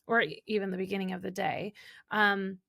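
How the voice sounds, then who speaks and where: Candid, animated woman podcast guest. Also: medium pitch, gravelly. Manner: animated, quick and candid, acting out quoted remarks. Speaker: guest, holistic business coach. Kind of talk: casual podcast conversation.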